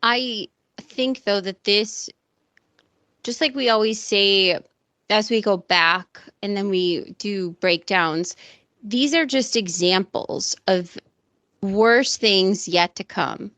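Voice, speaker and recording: A woman co-host in casual podcast talk, emphatic and exasperated as she rants. Her voice sits at a middling pitch. The sound is close and dry, with no room echo. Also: slow, a bit bright.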